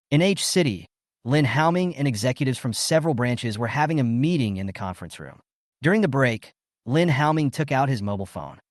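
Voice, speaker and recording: A man reading a scripted story recap in steady storytelling narration. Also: medium pitch, a little fast, dry recording, studio quality.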